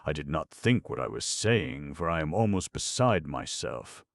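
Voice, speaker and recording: A man's voice: extremely low pitch, sing-song, normal speed, vocal fry, no room sound, clean studio sound, full character voice. A man voicing a tearful young woman who pleads and reproaches in an emotional, raised voice. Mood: remorseful.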